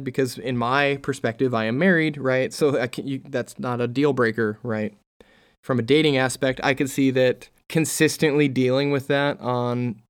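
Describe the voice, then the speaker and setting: A man's voice: medium pitch, clear, resonant tone. A man hosting a solo podcast, chatting casually and reading out posts before giving his own take. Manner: conversational, reads out posts then comments. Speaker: podcast host.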